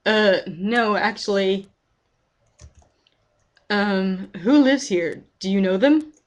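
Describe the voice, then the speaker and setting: A woman's voice: medium pitch, takes it slowly, lightly acted. A woman reading the lines of a polite young man who asks a neighbor questions.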